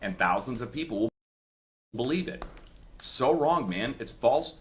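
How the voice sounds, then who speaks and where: A mid-range male voice with lively intonation and a moderate pace delivers a heated personal rant on an earthquake forecast video. The host indignantly repeats himself while rebutting critics and calls viewers "guys," with slight hiss or hum audible.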